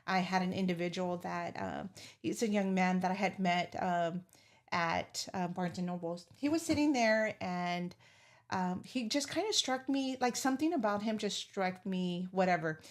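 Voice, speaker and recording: A woman's voice: on the low side, normal speed. A woman guest on a podcast, telling heartfelt stories in a rambling way full of fillers. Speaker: guest, business owner. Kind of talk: casual interview chat.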